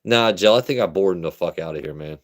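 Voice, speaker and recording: A man's voice: sits low, quick pace. A young man from Maryland hosting a live stream, chatting casually, swearing and reading chat. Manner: profane, animated, talks to chat. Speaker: livestream host.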